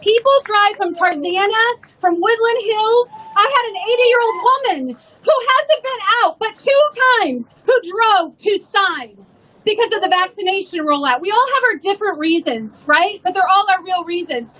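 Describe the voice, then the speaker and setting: A woman's voice: extremely high pitch, lively intonation, moderate pace, fairly bright tone, low-quality recording. A woman, a restaurant owner, telling an emotional story in an earnest rally speech.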